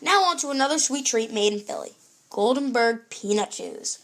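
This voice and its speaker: A woman's voice: a little high, expressive, normal speed, a bit bright. A young woman presenting a scripted food show in an upbeat, read-aloud presenter tone.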